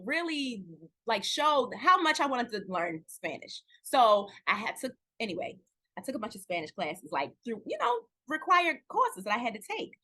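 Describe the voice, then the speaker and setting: A woman, an actress, chatting candidly in an interview, telling stories with lively acted-out quotes and at times close to tears. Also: on the high side, normal speed. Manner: animated storytelling, acts out quoted dialogue, near tears at times. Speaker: guest actress.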